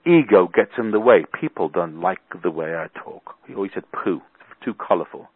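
Man, business coach on a conference call, lively swooping pitch, slightly husky, heard down a tinny phone line. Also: normal speed, dry recording. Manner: animated, colorful and blunt. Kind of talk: motivational talk on a phone call. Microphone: telephone.

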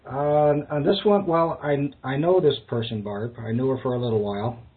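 A man's voice: medium pitch, fairly even intonation, normal speed, breathy edge. A man calling in to a seminar over an online call, speaking hesitantly and measuredly. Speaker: caller. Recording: tinny online-call audio.

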